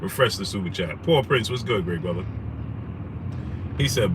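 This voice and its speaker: A young man, hosting a casual livestream, telling a story animatedly and shouting out viewers. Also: lowish voice, expressive, moderate pace. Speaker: livestream host. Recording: noisy street background.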